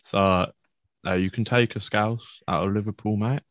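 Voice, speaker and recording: Low-voiced chatty man, enthusiastic. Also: steady tone, brisk, dry recording. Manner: chatty, enthusiastic, says "mate" a lot. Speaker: podcast co-host. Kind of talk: casual MMA fight recap.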